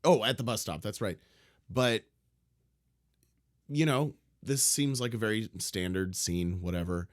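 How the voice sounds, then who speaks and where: A man with a fairly low voice co-hosts a podcast in a loose, casual chat. He tells stories playfully and in close detail. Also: measured pace, pauses often. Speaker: podcast co-host.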